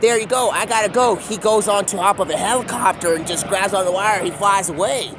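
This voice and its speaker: A man's voice: high voice, fairly quick, background noise. A man telling a rambling, profane comic story outdoors, acting out all of the dialogue himself.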